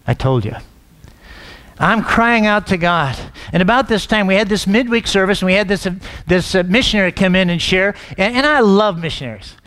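A middle-aged male pastor preaches a sermon, telling a personal story and acting out the quoted dialogue. His voice is high-pitched, fairly quick and fairly bright, with frequent restarts and repeated words.

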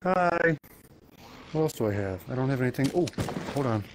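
A man's voice: mid-range voice, lively intonation, fast talker, mellow, a little hiss or hum. A man playing a zombie game, chatting playfully to himself and to the enemies as he goes. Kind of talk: let's play commentary.

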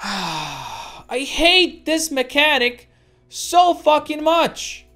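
A woman's voice: sits high, a bit bright. A woman giving let's play commentary as a gameplay streamer, swearing constantly and ranting at the game.

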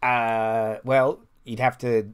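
A man's voice: medium pitch, slow, slight background noise. A man serving as game master, describing a scene and checking rules in a casual way. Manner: relaxed, descriptive, looks up rules aloud. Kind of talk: running a tabletop game.

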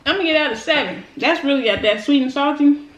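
A woman's voice: high voice, fast talker, reverberant, muffled recording. A woman who hosts a food vlog, chatting casually and with lots of slang to her viewers while she tastes snacks. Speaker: food vlogger. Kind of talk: casual eating-show chat.

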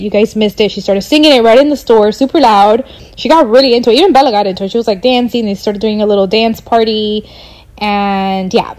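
Chatty mom telling a shopping story. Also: female voice, on the high side, a little mellow, poor audio. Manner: chatty storytelling, quotes family in shifting voices. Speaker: mom doing a voiceover. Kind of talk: casual vlog voiceover.

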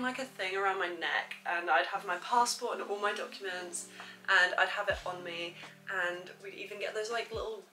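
A young woman chats to camera, full of "like" fillers as she tells her story. Her voice is bright and clear. Faint background music plays under her. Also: on the low side, rough recording. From England. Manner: chatty, says "like" a lot. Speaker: vlogger.

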